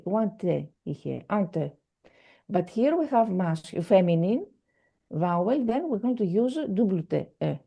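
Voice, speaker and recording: A woman's voice: medium pitch, vocal fry, dark tone. A woman teaching a French lesson over a video call, patient and repetitive, with many fillers. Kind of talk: online language lesson.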